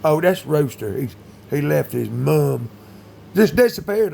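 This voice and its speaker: Gravelly man rambling with sudden bursts. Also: on the high side, expressive, normal speed, slight background noise. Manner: rambling, many fillers, sudden loud bursts. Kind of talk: rambling monologue.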